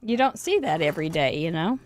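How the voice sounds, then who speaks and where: A woman with a high, squeaky voice hosting a live crafting show, chatty and giggly with playful exclamations. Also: animated, fast. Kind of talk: casual chat during a live craft show.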